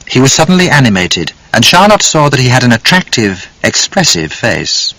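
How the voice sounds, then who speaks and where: A man narrating an audiobook in an expressive, dramatic reading. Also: mid-range voice, normal speed, few pauses, no echo, poor audio.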